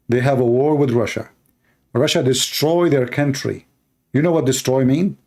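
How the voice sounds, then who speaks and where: A man's voice: medium pitch, a little mellow. Angry man ranting in broken English. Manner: angry, insulting, argumentative; broken, non-standard English grammar. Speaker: commentator reacting to a news clip. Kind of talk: heated reaction commentary.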